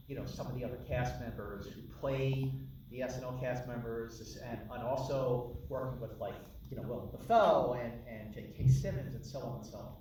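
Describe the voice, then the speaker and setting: A man moderating a Q&A, putting long questions in a halting, measured way. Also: medium pitch. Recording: echoey hall from far off with noise.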